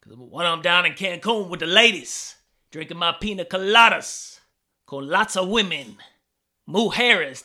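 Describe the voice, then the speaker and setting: A man's voice: a little high, creaky, exaggerated voice. A man putting on a boastful, swaggering male pro wrestler persona with a put-on Southern drawl. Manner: bragging, loud promo-style bluster.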